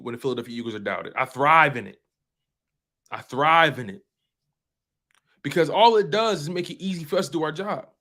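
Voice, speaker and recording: A man's voice: a little high, a bit bright. A man hosting a fan sports talk show, speaking passionately and emphatically and repeating phrases for effect. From US East Coast.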